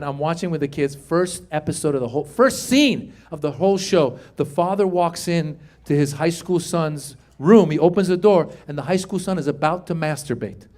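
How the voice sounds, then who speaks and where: A middle-aged man doing stand-up comedy on stage, telling stories and acting out dialogue. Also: on the high side. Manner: animated storytelling, acting out dialogue. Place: comedy stage before a live audience. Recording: live show with faint crowd noise.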